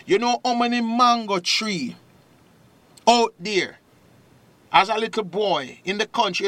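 A man with a Jamaican accent preaching a sermon, drawing out phrases and rising into loud exclamations. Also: high-pitched, no echo.

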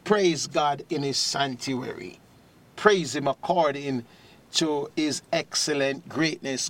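A man preaching on a radio program, praying and reading scripture with a fervent cadence that swells into loud declamation. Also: a little high, slow.

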